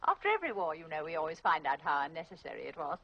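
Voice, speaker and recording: A weary wry widow. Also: female voice, low-pitched, very animated, rapid-fire, creaky, breathy edge, heavily acted. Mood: weary, rueful. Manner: wry, reflective. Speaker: film character. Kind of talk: 1960s film drama. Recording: dull old film soundtrack.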